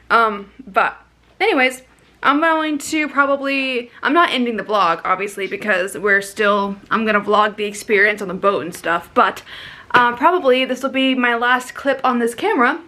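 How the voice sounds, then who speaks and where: A woman's voice: a little high, pushed and bright. A young woman chatting casually to her camera indoors as a travel vlogger, rambling and laughing often. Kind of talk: casual vlog chat to camera. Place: indoors at a lodging. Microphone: handheld camera.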